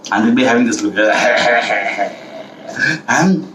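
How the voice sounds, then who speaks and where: A man's voice: mid-range voice, normal speed, recorded from a distance, a little hiss or hum. A man telling a folk tale to children, playful, asking the listeners questions and making sound effects. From India. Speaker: storyteller. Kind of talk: live children's storytelling. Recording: echoey room, speaker away from mic.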